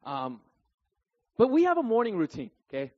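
Animated husky high-voiced preacher man. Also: normal speed, lo-fi sound. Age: 30s. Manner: animated storytelling, keeps asking "right?". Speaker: pastor. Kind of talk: sermon.

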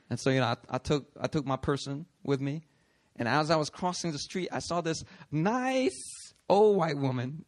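A man preaching a sermon, animated and conversational, acting out voices in his stories. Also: on the high side, normal speed. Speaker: pastor.

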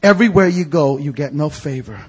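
A man preaching a storytelling sermon as an evangelist, animated and acting out the voices of people in his stories. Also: a little high, fairly quick, breathy edge. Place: church sanctuary.

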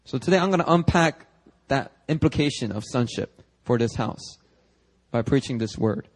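A young male pastor preaching a casual, conversational sermon, animated and full of quick asides and restarts. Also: mid-range voice. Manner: animated, chatty, frequent restarts and asides to the congregation. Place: church sanctuary.

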